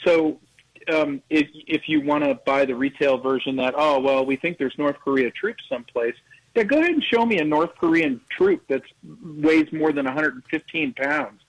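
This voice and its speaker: A man's voice: fairly high pitch, moderate pace, no room sound, rough recording. A man, a retired general, talking as a radio guest in an emphatic, incredulous way. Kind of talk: radio interview commentary.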